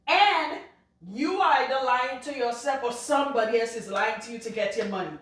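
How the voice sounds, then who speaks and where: A woman with a Trinidadian accent, a loctician talking casually to camera, blunt and outspoken, cussing freely and laughing loudly. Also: on the high side, normal speed, far from the mic. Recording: very echoey room, off-mic.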